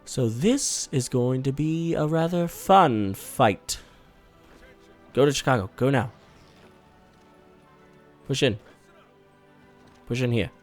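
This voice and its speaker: A man giving casual, swear-laced commentary while playing a strategy game, bursting out loudly when things go wrong. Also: medium pitch, slow pace, long pauses, faint music behind. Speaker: gaming YouTuber.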